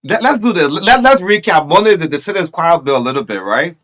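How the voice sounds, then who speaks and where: A man hosting a breakfast show, excitable and stammering on restarts. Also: a little high, fairly quick. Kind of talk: lively radio banter.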